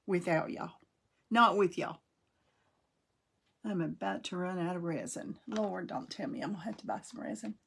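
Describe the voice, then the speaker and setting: A middle-aged woman with a drawl chats through a craft livestream, her voice a little gravelly and fry-tinged. She talks in a homey, folksy way, greeting viewers by name as she works on her project. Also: mid-range voice, a bit bright.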